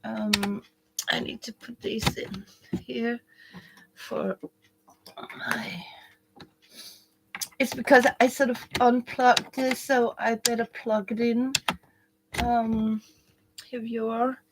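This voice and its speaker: A woman hosting a casual home craft livestream, chatting with viewers in a rambling way with many restarts and soft whispered asides. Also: on the high side, level tone, takes it slowly, pauses often, background noise. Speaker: quilting livestream host. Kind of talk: casual live chat with viewers. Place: indoors at home, living room.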